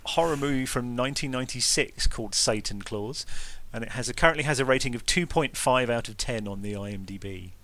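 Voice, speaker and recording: A man's voice: mid-range voice, a little fast, few pauses, pushed and bright. A man co-hosting a casual podcast chat about films, talking in a chatty way and laughing easily. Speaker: podcast co-host. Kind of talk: casual film-discussion chat.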